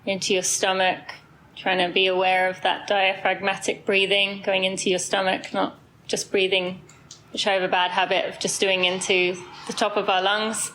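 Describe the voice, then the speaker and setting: Woman host walking a group thru a slow body scan, bright clear voice, bit of noise behind. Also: medium pitch, low-quality recording. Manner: calm, slow guiding with soft fillers. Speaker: host leading a group run. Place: indoor space with a group, then outdoors on a street.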